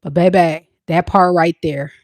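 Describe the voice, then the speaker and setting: A playful woman tarot reader chats and teases her viewers in a loose, casual reading. Her voice sits low for a woman and sounds dry and close. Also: steady tone, unhurried, darkish tone, no echo. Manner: playful, chatty, teasing viewers.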